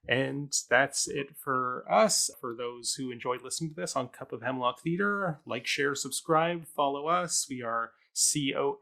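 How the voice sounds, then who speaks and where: A man hosting a casual theatre talk show, wrapping up with relaxed, joking banter. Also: a little high, creaky. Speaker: host. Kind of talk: casual podcast interview.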